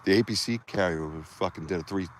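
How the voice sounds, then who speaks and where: A man hosting a podcast live outdoors, telling profane, animated war stories and acting out the shouts of the people in them. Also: sits low, brisk, noisy background. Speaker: podcast host. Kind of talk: casual storytelling on a live outdoor stream.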